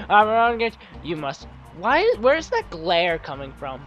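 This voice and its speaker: A man's voice: high-pitched, huge pitch swings, measured pace, lo-fi sound, soft background music. Rambling young-sounding man doing game commentary. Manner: chatty, rambling, restarts sentences, self-mocking. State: sore throat. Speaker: let's play commentator.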